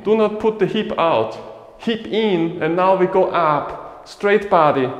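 A man with a fairly high voice guides a qigong class in short, simple English phrases, his first language Chinese. He speaks very slowly and calmly. His words ring through a reverberant hall. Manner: short slow instructions in simple non-native English. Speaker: qigong instructor. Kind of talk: guiding a live class.

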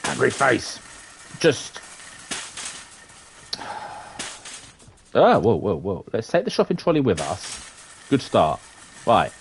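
A British man giving chatty let's-play commentary, muttering at the game with sing-song hums and sudden high exclamations. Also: wildly swooping pitch, slow, creaky, long pauses, a little hiss or hum. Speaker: gamer playing for his sons.

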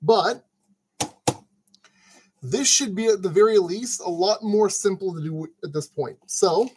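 A crafting channel host talks casually through the build of a model kit, sorting parts, muttering to himself, and poking fun at himself along the way. His voice is high and slightly rough, his pace a little slow, and the recording quality is rough.

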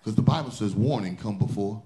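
A man's voice: lowish voice, brisk, dark tone. A male pastor preaching a sermon, building intensity through repeated refrains.

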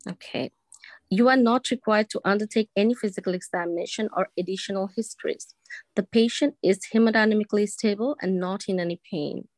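A woman's voice: mid-range voice, a little fast, a little mellow, no echo. Hesitant woman doctor, dry close sound. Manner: hesitant, many fillers. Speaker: doctor sitting a practice exam. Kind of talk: exam role-play. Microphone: video call.

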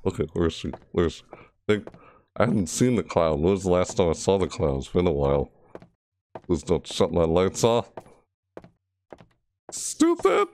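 A man's voice: low-pitched, a little fast, dark tone. A man commentating a horror game playthrough, frustrated and jumpy, scolding the game's characters and shrieking at scares. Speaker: gamer.

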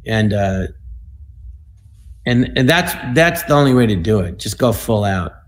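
A man in his sixties, a comedian telling stories on an online panel, animated and dropping into quick impressions. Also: lowish voice. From United States. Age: 60s. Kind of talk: casual storytelling.

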